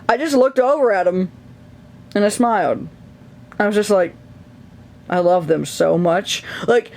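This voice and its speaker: A man's voice: high voice, a little mellow. A young adult man chatting casually from his bed in a vlog, rambling and candid, laughing often. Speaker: video creator. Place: his bedroom, lying in bed.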